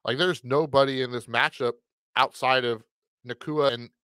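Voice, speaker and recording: A man's voice: medium pitch, steady tone, moderate pace, bright, forceful tone, clear, resonant tone, dry recording. Guy cohosting a football podcast, wanders off mid-thought, dry close mic. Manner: rambling, self-correcting, wry. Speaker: podcast co-host. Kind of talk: casual fantasy football chat.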